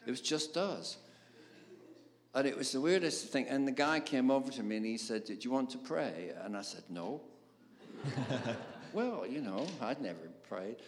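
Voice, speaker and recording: Older Englishman telling a lively story. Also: mid-range voice, normal speed, long pauses. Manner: animated, laughing storyteller, with many fillers. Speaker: guest songwriter. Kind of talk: storytelling interview. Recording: roomy reverb, faint background noise.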